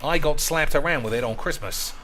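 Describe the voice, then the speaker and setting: A man streaming a card game, with rowdy, crude banter that keeps calling out to the boys and jumps into loud, high outbursts. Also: fairly quick, background noise. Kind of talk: casual gaming commentary.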